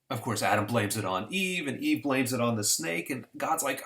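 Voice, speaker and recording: A man's voice: mid-range voice, lively intonation, moderate pace, creaky, few pauses, a bit bright. A man teaching an introductory economics lesson in a conversational, storytelling way with homespun examples. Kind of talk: casual recorded lesson.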